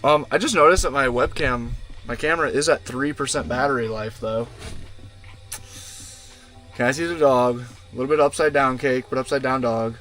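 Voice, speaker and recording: A man's voice: medium pitch, moderate pace, a bit bright. A young man chatting casually and slangily on a long gaming livestream from inside a van, often cooing to his dog. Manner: laid-back slangy, talks to his dog. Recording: music playing behind.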